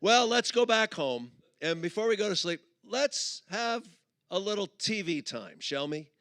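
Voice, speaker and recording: A middle-aged man giving a humorous sermon at a conference, telling stories and acting out both sides of a couple in quick put-on voices. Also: high-pitched, very animated, a bit bright, no echo, studio quality. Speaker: conference speaker. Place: conference auditorium.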